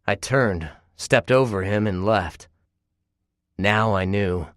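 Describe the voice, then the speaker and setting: Guy reading an audiobook, lowish voice, tense clipped delivery, dry close mic. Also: slow, no echo. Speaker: audiobook narrator. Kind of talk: first-person audiobook narration with dialogue.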